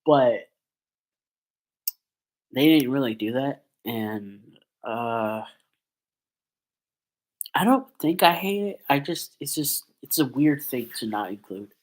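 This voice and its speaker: A man's voice: medium pitch, animated, takes it slowly, long pauses, rough recording. Congested man rambling casually. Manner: rambling, lots of "like" and "um". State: stuffy nose from a cold. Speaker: YouTuber. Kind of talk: casual commentary vlog.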